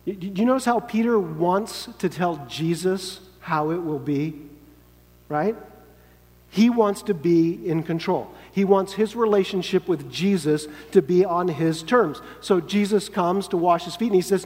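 A man's voice: sits high, unhurried, darkish tone. A man preaching a sermon in an earnest, emphatic way, sometimes acting out quoted lines. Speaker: pastor. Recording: long hall reverb.

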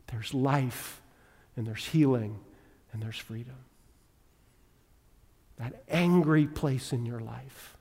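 A man preaching a sermon as a pastor, moving from loud emphatic passages to quiet, intimate appeals and prayer. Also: medium pitch, slow, long pauses. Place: church sanctuary. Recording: long reverb of a large hall.

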